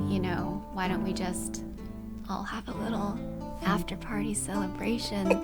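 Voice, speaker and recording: A woman playing a tabletop game, speaking in character with laughs in her voice. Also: mid-range voice. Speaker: player.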